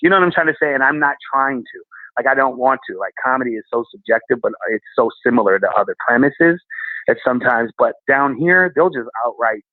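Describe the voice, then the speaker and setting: A male comedian guest telling stories in animated conversation, acting out other people's voices. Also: medium pitch, brisk, no room sound. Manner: animated, acts out voices in anecdotes. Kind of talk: storytelling conversation. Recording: tinny phone-like call audio.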